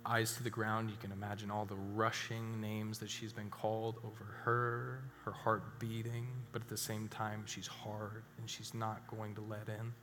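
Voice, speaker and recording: A man preaching a sermon as a pastor, telling a story and dropping suddenly to hushed emphasis. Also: on the low side, completely flat delivery, moderate pace, few pauses, slight background noise. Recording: reverberant hall with faint music.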